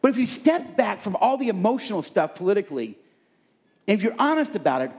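A man's voice: high-pitched, sing-song, fast talker, a little mellow, slightly rough. A man preaching a sermon from a stage, emphatic and repeating key words for stress. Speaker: pastor. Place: on a stage before a congregation.

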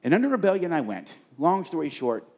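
Emphatic preacher, lively pitch swings. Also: male voice, a little fast, muffled recording. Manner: emphatic, repeats key words for stress. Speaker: pastor. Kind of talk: sermon. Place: on a stage before a congregation.

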